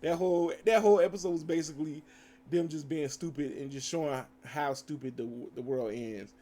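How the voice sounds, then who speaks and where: A man's voice: on the high side, steady tone, moderate pace, warm tone. A man reviewing cartoon episodes, retelling scenes in a loose, rambling way with acted-out quotes and frequent fillers. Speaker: show reviewer. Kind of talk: casual spoken recap.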